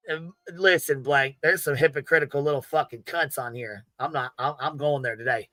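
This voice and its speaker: A man hosting a commentary livestream, loud and profane, laughing often as he trash-talks. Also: medium pitch, moderate pace, dry recording. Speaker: livestream host.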